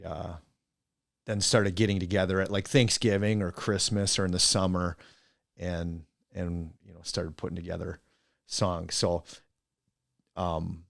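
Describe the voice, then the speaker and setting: A middle-aged man from Wisconsin with a very low, gravelly voice tells loose, meandering stories in a casual interview. He sounds close and dry, with no room around him. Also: dry recording. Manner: rambling, animated storyteller who mimics friends. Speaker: podcast guest, coach and teacher.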